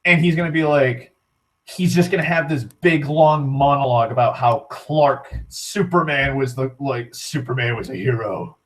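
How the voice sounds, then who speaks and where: A man's voice: medium pitch, normal speed. A young man giving a rambling casual rant, swearing often, leaning on "like" and restarting his sentences. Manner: rambling, profane, heavy on "like", frequent restarts. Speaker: vlogger.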